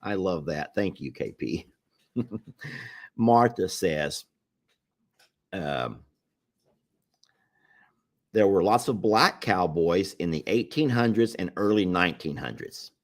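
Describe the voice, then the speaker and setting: A man's voice: low voice, lively intonation, slow pace, long pauses. A middle-aged man hosting a casual livestream and reading viewer comments aloud, in an easygoing drawl. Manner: easygoing drawl, laughs easily. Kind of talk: casual live chat.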